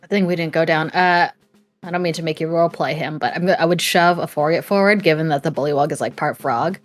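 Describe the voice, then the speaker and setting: A woman's voice: low voice, soft background music. A woman taking part in a tabletop game as a player, asking the game master question after question. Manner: inquisitive, rapid questions.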